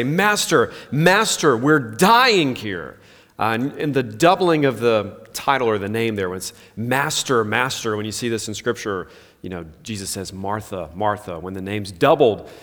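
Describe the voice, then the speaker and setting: A pastor in his thirties giving an earnest, conversational sermon full of rhetorical questions. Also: mid-range voice. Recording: long hall reverb.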